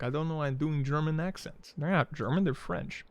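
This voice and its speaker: A man's voice: a little high, fairly quick, smooth, no room sound. A young man streaming a game, chatting casually in a rambling, profane way full of "like" fillers. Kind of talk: casual chat while setting up a game stream.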